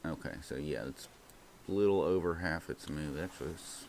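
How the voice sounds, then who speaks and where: A man with a very low voice hosts a casual livestream. He chats loosely over market charts and thinks aloud. His speech is rambling and full of restarts. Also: normal speed, darkish tone, a little hiss or hum. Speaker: livestream host. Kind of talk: casual live-stream chat over stock charts.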